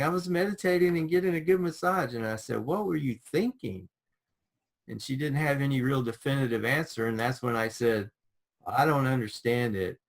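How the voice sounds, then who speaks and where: Animated man telling a spiritual story. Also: mid-range voice. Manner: animated storyteller acting out quotes. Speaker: podcast co-host. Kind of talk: casual storytelling chat.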